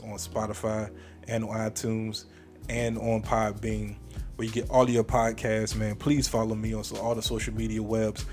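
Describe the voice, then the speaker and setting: Laid-back man hosting a casual podcast, chuckles a lot, mid-pitched, faint music under him. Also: a little mellow. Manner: laid-back, laughs often, repeats himself. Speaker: podcast host.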